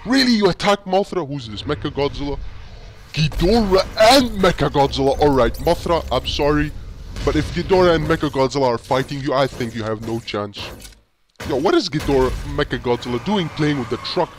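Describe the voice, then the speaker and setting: Excitable man reacting to a video. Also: on the high side, brisk, slight background noise. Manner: excitable, talks to the screen with "yo" and "bro". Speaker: reaction channel host.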